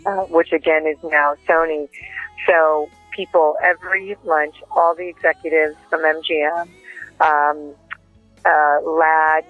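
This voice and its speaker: A woman interview guest telling lively anecdotes and acting out what others said, heard down a tinny phone line. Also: low-pitched, measured pace, no echo, faint music behind. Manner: lively anecdotes with acted-out quotes. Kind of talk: casual interview storytelling.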